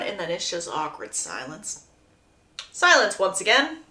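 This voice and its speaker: A woman casually recapping a book plot, chatty and expressive with amused asides. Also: on the low side, measured pace. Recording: roomy echo.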